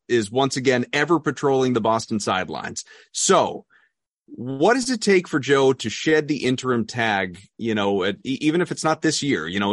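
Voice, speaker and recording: A man's voice: mid-range voice, fairly bright tone, dry recording, studio quality. A man hosting a sports podcast, asking long questions full of hedges and fillers. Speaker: podcast host. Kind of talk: casual sports podcast chat.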